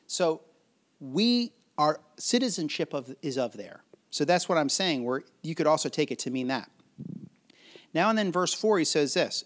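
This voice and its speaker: A man's voice: fairly high pitch, big pitch swings, moderate pace. A man preaching a sermon in a conversational way, often asking his listeners questions and chuckling as he explains a scripture passage. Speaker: pastor.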